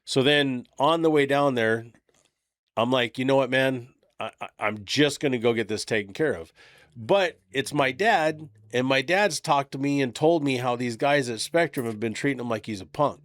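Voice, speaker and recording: A man's voice: medium pitch, moderate pace, no echo, studio quality. A middle-aged man hosting a podcast, telling a story in casual chat, swearing often and acting out the voices of the people in it. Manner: profane, animated storyteller acting out quotes. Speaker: podcast host.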